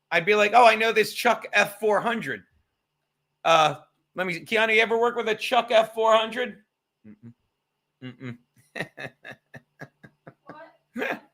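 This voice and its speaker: A man with a high, sharp-toned voice hosts a live stream, rambling and sarcastic as he tells stories and reads the chat. He swears often, and the talk is casual livestream banter.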